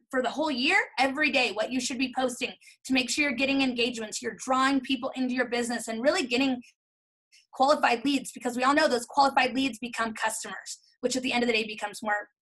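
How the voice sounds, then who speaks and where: Bright, enthusiastic woman coach, chatty webinar delivery. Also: on the high side, fairly even intonation, brisk, rough recording. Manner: enthusiastic, chatty, self-correcting. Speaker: gym owner and coach. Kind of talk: casual webinar talk.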